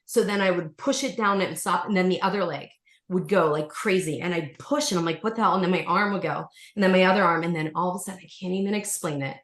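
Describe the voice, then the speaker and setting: A woman who teaches yoga, guesting on a podcast and telling a personal story in a lively, casual way, acting out the voices of the people in it and using lots of fillers. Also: lowish voice, fast talker. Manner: animated, acts out voices, many fillers. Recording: roomy room echo.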